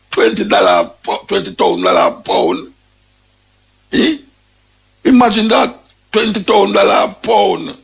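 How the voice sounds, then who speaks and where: Gravelly Jamaican man ranting emphatically. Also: a little high, a bit bright, rough recording. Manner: emphatic, repeats phrases, peppers with "you know". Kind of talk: casual spoken commentary.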